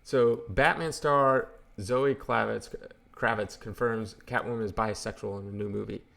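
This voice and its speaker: Guy with a gravelly voice ranting sarcastically about comic news. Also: lowish voice, steady tone, normal speed, fairly bright tone. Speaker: comic book channel host. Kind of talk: casual ranting commentary.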